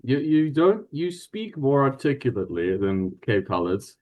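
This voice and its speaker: Male guest, Afrikaans accent, halting with many restarts, salty language. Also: medium pitch, big pitch swings, narrow, tinny audio, soft background music. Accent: Afrikaans South African. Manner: hesitant, restarts, swears. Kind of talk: casual chat.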